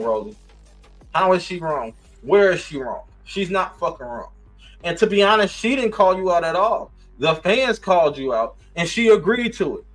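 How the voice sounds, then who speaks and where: A man's voice: a little high, rough recording. A man reviewing a reality show, cursing, laughing often and talking with sass. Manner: profane, sassy and animated, laughing often. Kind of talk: casual commentary rant.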